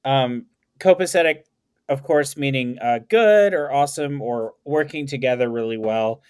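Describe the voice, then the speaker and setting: A man's voice: mid-range voice, moderate pace, a little mellow, smooth. A man co-hosting a podcast in casual chat, jokey and wordy with a mock-pompous streak. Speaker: podcast co-host.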